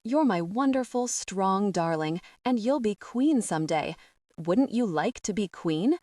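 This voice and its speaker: A woman reading a soft-spoken cruel king. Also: mid-range voice, expressive, unhurried, dry recording, close to an everyday voice. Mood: coaxing. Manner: soft, coaxing, quietly threatening. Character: menacing male king, coaxing and cruel father. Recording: dry, somewhat distant from the mic.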